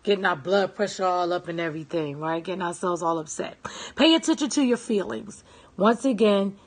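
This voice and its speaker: Speaking low and fairly quickly, this woman is a self-help speaker in a relaxed motivational session. She hammers her points home through repetition, asks listeners "right?" and "okay?", and says hello to people watching live.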